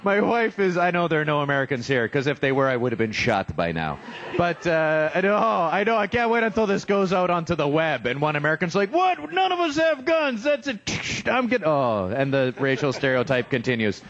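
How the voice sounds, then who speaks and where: A man's voice: on the high side, animated, brisk, fairly bright tone, muffled recording. A young man doing a self-deprecating stand-up comedy set in a restaurant, acting out voices as he goes. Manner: self-deprecating, joking, acts out quoted voices. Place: restaurant stage, live.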